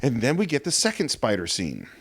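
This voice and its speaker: A man's voice: medium pitch, a little fast, slightly rough. A man co-hosting a casual film discussion, retelling scenes and acting out the characters' lines. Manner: animated storyteller, acts out quoted lines. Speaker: film podcast co-host.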